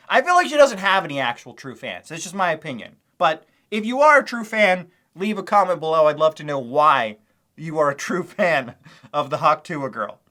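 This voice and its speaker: A man's voice: on the high side, big pitch swings, normal speed, pushed and bright. A male commentary host who talks over video clips, mocking and sarcastic, with small laughs between his points.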